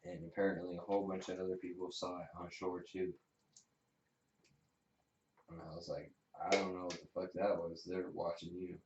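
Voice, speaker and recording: A man's voice: deep voice, flat delivery, moderate pace, long pauses. A man co-hosting a casual podcast, rambling through stories and swearing a lot. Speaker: podcast co-host. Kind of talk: casual chat. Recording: roomy, distant, dull, faint hiss.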